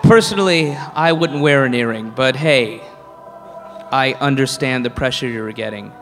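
A comedian playing a devout middle-aged father who speaks slowly and earnestly, live in a hall. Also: medium pitch, fairly bright tone, faint music behind, pitched below the performer's own voice, natural voice. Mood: solemn. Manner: slow, halting, earnest. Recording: live in a reverberant hall with audience.

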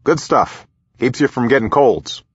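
A man voicing a brisk, friendly older male president with a chummy, folksy manner, in a slightly muffled recording. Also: mid-range voice, animated, slightly rough, no room sound, pitched above the performer's own voice. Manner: chummy, back-slapping, quick asides.

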